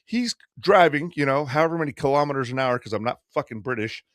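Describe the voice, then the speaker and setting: A man in his fifties, co-hosting a podcast and telling a long story casually, profane and quick to act out other people. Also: medium pitch, no room sound, clean studio sound. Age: 50s. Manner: profane, animated storyteller doing quick voices. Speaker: podcast co-host.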